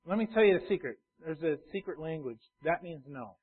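A man's voice: fairly high pitch, lively intonation, brisk, slightly rough. A male pastor preaching a sermon, repeating key phrases and building in intensity. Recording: tinny phone-like sound.

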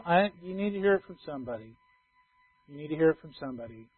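A middle-aged man preaches to his congregation in a high, light voice. He is loud and emphatic one moment and drops to a soft aside the next. The sound is thin and tinny, as if it came down a phone line. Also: lively intonation, fast talker, slight background noise. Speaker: pastor. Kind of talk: sermon.

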